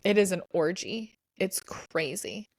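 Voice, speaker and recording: Woman, podcast co-host, casual chat, rambling, mid pitch, dry recording. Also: unhurried, no room sound. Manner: chatty, rambling with many restarts and "like".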